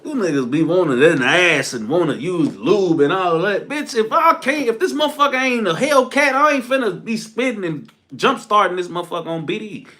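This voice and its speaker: A young man giving a crude, animated solo commentary rant, laughing as he goes. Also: high voice, a little fast, few pauses. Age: young adult.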